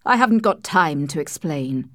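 Woman doing a bossy victorian gent, shouty and hot-tempered, dry sound. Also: low-pitched, expressive, moderate pace, dry recording, voice pushed down. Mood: commanding. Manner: shouting, commanding. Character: angry short-tempered Victorian gentleman husband.

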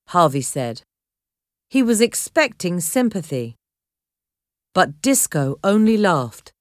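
A woman reading a story aloud at a slow, clear pace, her pitch moving in a lively way through the narration. The recording is dry and close. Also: dry recording.

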